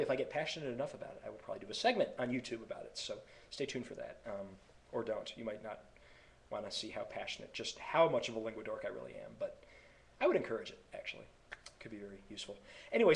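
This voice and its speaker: A man's voice: fairly low pitch, creaky, a little hiss or hum, low-quality recording. A young man from North Carolina in his twenties, chatting to camera in a rambling, digressive way. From North Carolina, USA. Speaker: vlogger. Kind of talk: casual vlog talk to camera.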